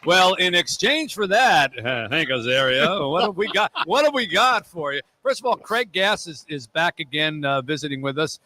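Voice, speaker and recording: Bright-voiced male radio host. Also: on the high side, sing-song, moderate pace, hardly any pauses. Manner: warm, rambling questions with fillers. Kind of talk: radio interview. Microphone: studio mic.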